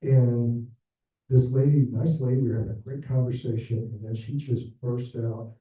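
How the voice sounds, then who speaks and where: A man's voice: medium pitch, fairly even intonation, unhurried, warm tone. Man lecturing in an echoey hall. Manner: storytelling, acts out quoted dialogue. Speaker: planned giving director presenting a workshop. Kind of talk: conference talk to fundraisers. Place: conference room with an audience. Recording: distant, echoey, dull room recording.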